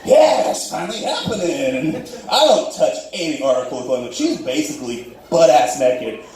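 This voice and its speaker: A man's voice: lively intonation, normal speed, darkish tone. A young man performing a self-deprecating stand-up comedy set on a club stage. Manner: self-deprecating, acts out dialogue in high squeaky voices. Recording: roomy club audio from far off.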